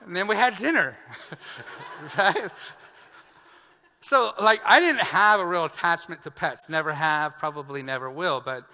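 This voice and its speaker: A pastor tells a comic story from the pulpit, acting out each line of the exchange with real animation. His voice is bright and a little high for a man. The sound hangs in a large hall with a long reverb. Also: expressive, measured pace, long pauses. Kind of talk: sermon with a funny personal story. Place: church sanctuary.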